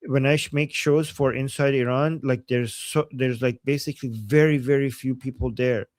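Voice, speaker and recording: A man's voice: medium pitch, fairly even intonation, normal speed, no echo. Casual male livestream co-host, dry sound. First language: Persian. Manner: rambling, many restarts and "like".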